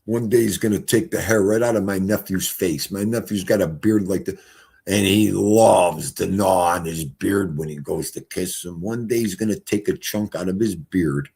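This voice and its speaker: A man's voice: sits low, moderate pace, creaky, darkish tone, slightly rough. A man, live-streaming and chatting casually in a rambling, folksy storytelling way.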